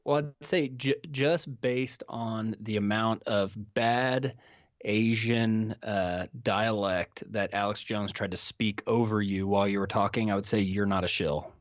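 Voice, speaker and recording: A man interviewing his guest in casual conversation, enthusiastic and quick to agree. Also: on the low side, fairly even intonation, no echo. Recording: dull lo-fi sound.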